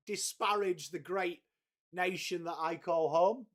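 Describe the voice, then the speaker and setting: A man's voice: sits high, a little slow, fairly bright tone. A man from England, hosting a casual live watchalong stream, chatting, swearing freely and greeting viewers by name.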